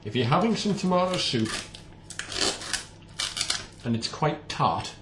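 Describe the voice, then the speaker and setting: A man's voice: fairly high pitch, very animated, unhurried, reverberant, noisy background. A man chatting casually while he bakes, with playful, self-mocking asides. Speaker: home baker vlogger. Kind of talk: casual cooking vlog. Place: home kitchen.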